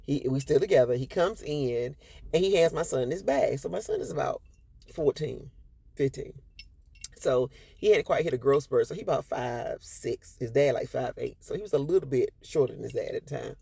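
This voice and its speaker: A woman's voice: animated, moderate pace, gravelly, dark tone, breathy edge, no echo. A woman, telling a personal story to her followers in a sassy, emphatic way and acting out what people said. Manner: sassy, emphatic, acts out quotes with big pitch jumps.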